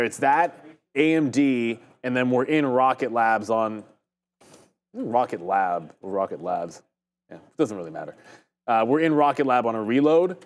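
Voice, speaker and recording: Male co-host, relaxed live chart commentary. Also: medium pitch. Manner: casual, reads sponsor copy then riffs on charts. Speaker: market show co-host. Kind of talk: casual live trading commentary with sponsor reads.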